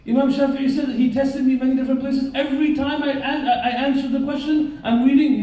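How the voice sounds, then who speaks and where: A man's voice: very high-pitched, a little fast, hardly any pauses. A man preaching a live sermon, telling stories and turning to question and joke with his audience. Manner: lively storyteller who questions and jokes with the audience. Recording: very roomy echo, voice far from the mic.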